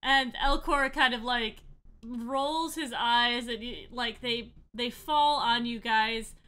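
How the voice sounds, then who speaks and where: Bright-voiced woman game master. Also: on the high side, takes it slowly, smooth. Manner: casual narration with many fillers. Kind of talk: narrating a tabletop game.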